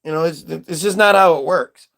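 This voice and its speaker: Man, high-pitched, rambling livestream monologue, swears, reads aloud. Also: normal speed, gravelly, a bit bright. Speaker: livestream host.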